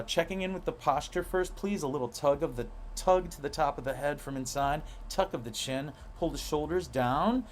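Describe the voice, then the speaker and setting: Guy running a breathwork class, playful and lively, drags out words for emphasis, bit of faint hiss behind. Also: medium pitch. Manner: animated, playful, drawn-out emphatic words with laughs. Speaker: breathwork instructor.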